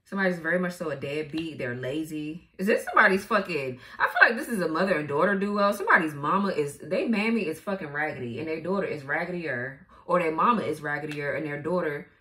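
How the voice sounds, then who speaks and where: A woman's voice: low voice, animated, fast, hardly any pauses, bright, forceful tone, a little hiss or hum. A woman giving a casual tarot reading, blunt and profane, laughing often as she goes. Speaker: tarot reader.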